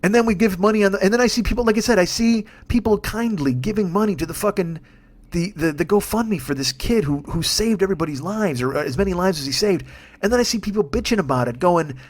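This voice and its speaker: Fast, high-voiced ranting man in his fifties. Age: 50s. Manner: profane, exasperated, emphatic. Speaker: podcast host and comedian. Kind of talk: ranting solo monologue.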